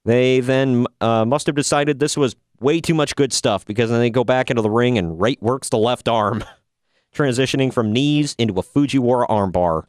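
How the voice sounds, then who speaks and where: A man talks through a casual podcast recap, tossing in sarcastic jokes. His voice is smooth and resonant, and the sound is dry and close. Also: mid-range voice, normal speed, a little mellow, no room sound. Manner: casual, jokey, sarcastic asides. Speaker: podcast host reviewing wrestling. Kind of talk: casual review chat.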